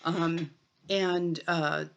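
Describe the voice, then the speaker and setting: An older woman lecturing on sociology in a conversational way, often pausing with fillers and restarting her sentences. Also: lowish voice, steady tone, gravelly, lo-fi sound. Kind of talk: recorded college lecture.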